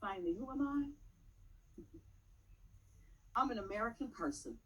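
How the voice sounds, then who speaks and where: A woman reciting a poem aloud at a public meeting, taking her time over each line. Her fairly high voice swings widely in pitch as she presses home each point. She pauses pointedly and builds emphasis as she goes. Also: animated, fairly bright tone, slightly rough, poor audio. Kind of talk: dramatic poetry recitation.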